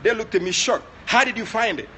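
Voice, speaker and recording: A man with a Ghanaian accent preaching during an online prayer session, moving between soft asides and loud, passionate exclamations. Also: high-pitched, animated, a little fast, a little hiss or hum. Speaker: prophet leading online prayer. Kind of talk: sermon.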